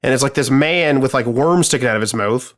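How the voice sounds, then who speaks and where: Man, podcast co-host, casual chat, cursing a lot, rambling, mid-pitched voice. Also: fairly quick. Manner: profane, rambling storytelling full of fillers.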